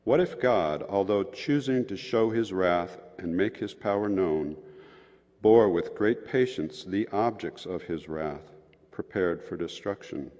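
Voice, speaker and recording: Very deep-voiced man reading scripture solemnly. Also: measured pace, darkish tone. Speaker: scripture reader. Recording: muffled, echoey hall sound.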